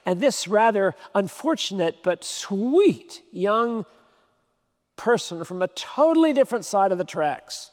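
A man's voice: high-pitched, sing-song, measured pace. A man preaching a sermon, emphatic, repeating key phrases for stress. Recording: long hall reverb.

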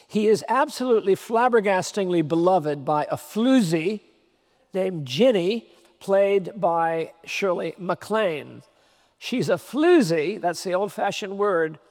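A man preaching a sermon, emphatic, repeating key phrases for stress. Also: sits high. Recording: long hall reverb.

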